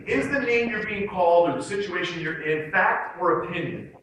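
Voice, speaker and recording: Energetic man speaking in an echoey hall. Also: high voice, moderate pace. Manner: energetic, leads audience in call-and-response exercises. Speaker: motivational speaker. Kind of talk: talk to students. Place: large hall with student audience. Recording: echoey hall from far off, noisy.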